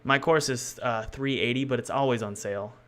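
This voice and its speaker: A man streams his game development work, chatting loosely with viewers and thinking aloud as he codes. He rambles and often corrects himself mid-sentence. His voice is medium-pitched, a bit bright and fairly quick.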